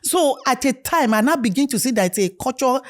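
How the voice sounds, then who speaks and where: Animated African woman telling stories. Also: high voice, fairly quick. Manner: animated storytelling, acts out dialogue. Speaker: guest. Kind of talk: candid conversation.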